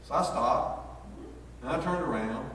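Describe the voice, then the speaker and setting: A man's voice: mid-range voice, a little slow, a bit bright, a little hiss or hum. A man, a pastor preaching a sermon in a folksy, storytelling way. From North Carolina, USA. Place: church sanctuary. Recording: echoey hall, picked up from far off.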